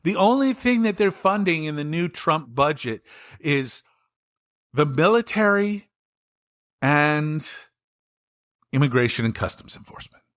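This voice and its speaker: A man with a Southern US accent rants angrily and profanely about politics on his own solo podcast, clearly exasperated. His voice is a little high, expressive, and a bit bright, moving at a measured pace with frequent pauses.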